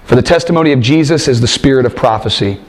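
A man's voice: mid-range voice, fast talker. A man preaching a sermon and reading scripture, emphatic, asking rhetorical questions and repeating phrases for stress.

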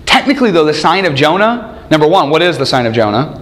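A man's voice: on the high side, quick pace. A man preaching a sermon, acting out quoted voices and asking the listeners questions. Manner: animated, acts out quoted voices, asks the congregation questions. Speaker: pastor.

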